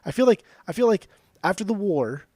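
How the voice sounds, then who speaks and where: A man's voice: high-pitched, lively intonation, brisk, dark tone, dry recording, studio quality. A man co-hosting a podcast in loose casual chat, swearing and saying "dude" a lot. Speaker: podcast co-host.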